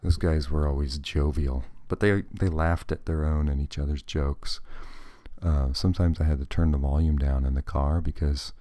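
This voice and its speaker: A man's voice: extremely low pitch, fairly even intonation, normal speed, mellow, dry recording, studio quality. A man hosting a podcast alone, rambling from one thought to the next with a self-deprecating, digressive manner. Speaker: podcast host. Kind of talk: casual solo podcast monologue.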